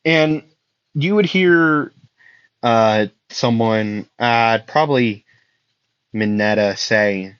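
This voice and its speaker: Casting: a slow-talking man telling a made-up story, halting, dull lo-fi recording. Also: mid-range voice, clear, resonant tone, no echo. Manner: halting, many fillers and restarts. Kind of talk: improvised fan story narration.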